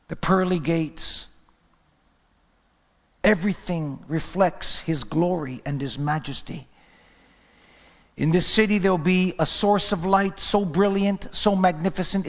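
Man, pastor, sermon, emphatic, fairly high voice, reverberant hall. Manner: fervent, emphatic preaching.

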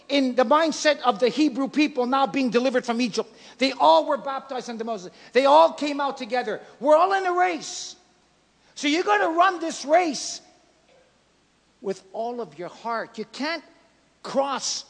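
A male pastor preaching a sermon, swinging from loud emphatic lines to quiet soft ones. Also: extremely high pitch, gravelly, in a large hall. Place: church.

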